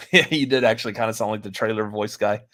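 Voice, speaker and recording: A man's voice: on the low side, fairly even intonation, fairly quick. A man hosting a movie podcast in casual, rambling chat, laughing often. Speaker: podcast host.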